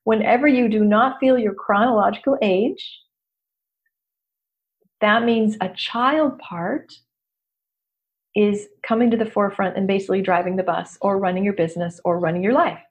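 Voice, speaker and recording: Candid, animated woman business coach. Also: medium pitch, normal speed, long pauses, muffled recording. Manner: candid, animated, self-deprecating, laughs often. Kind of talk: casual motivational talk.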